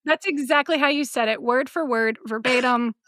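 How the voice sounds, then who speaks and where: A woman's voice: high-pitched, normal speed, fairly bright tone, no echo. A woman in her thirties from Texas hosting a podcast, playful and teasing, laughing often. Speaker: podcast host. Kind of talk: casual chat.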